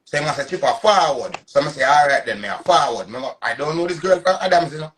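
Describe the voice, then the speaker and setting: A man's voice: fairly high pitch, lively intonation, quick pace, fairly bright tone, a little hiss or hum. Emphatic Jamaican Patois man, thirties. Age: 30s. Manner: emphatic, repetitive, boastful. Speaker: live streamer. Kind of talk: casual live-stream rant.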